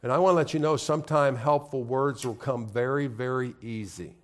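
A male pastor delivers a sermon in a mid-pitched voice. He repeats his points and keeps calling on the congregation to answer back. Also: a little fast. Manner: repetitive call-and-response preaching. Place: congregation in a room.

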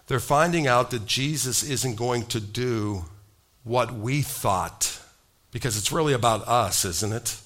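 A man's voice: mid-range voice, measured pace, fairly bright tone. A man preaching a sermon, emphatic, calling out questions to his congregation. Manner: emphatic preaching with audience call-outs. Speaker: pastor.

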